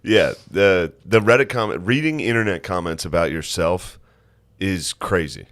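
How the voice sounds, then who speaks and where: A man's voice: deep voice, animated, moderate pace, a bit bright. An American man co-hosting a podcast, teasing his friend, laughing and swearing freely. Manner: teasing, laughs often, profane. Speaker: podcast co-host. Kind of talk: casual podcast banter.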